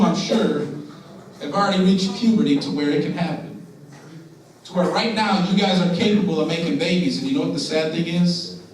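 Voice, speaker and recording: A young man addresses students in an earnest, direct way, putting questions to the room. His voice sits slightly high for a man. It echoes heavily around a big school hall and sounds distant, with faint room noise underneath. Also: a little mellow. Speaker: motivational speaker. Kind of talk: school assembly talk. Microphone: distant from the recording device.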